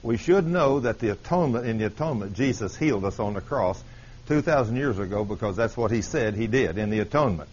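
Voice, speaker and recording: A man's voice: fairly low pitch, animated, quick pace, darkish tone, slightly rough. A man preaching a sermon, telling a testimony story with quoted dialogue and rising to emphatic peaks. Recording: dull lo-fi sermon recording with faint hiss.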